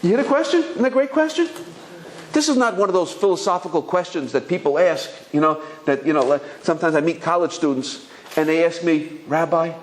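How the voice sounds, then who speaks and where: A man's voice: a little high, slight background noise. A man in his fifties, a rabbi giving a Torah talk, telling stories with lots of restarts and acting out the voices. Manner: animated storyteller, acts out voices, many restarts.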